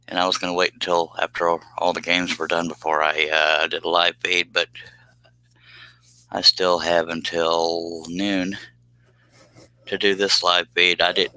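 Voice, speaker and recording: Folksy low-voiced man. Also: pushed and bright, no echo, low-quality recording. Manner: rambling, folksy, laughs often. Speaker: woodworking live streamer. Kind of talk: casual live-stream chat.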